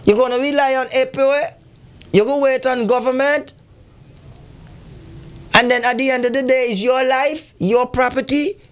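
A man's voice: extremely high pitch, fairly even intonation, moderate pace, long pauses, a bit bright. A man giving impassioned community commentary, scolding his listeners with rhetorical questions.

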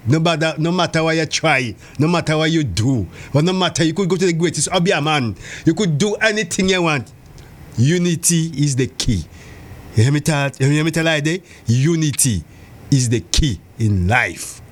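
A man's voice: a little high, animated, moderate pace. A man calling in to a radio show, talking in a repetitive, sing-song patois.

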